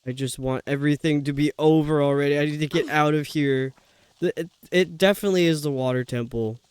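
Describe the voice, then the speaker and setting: A man with a fairly high, smooth and clean voice chats casually through a live game stream. He mutters to himself and complains in an exasperated tone between moves. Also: fairly quick, darkish tone, dry recording. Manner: talks to himself, grumbling and exasperated. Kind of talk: live gameplay commentary.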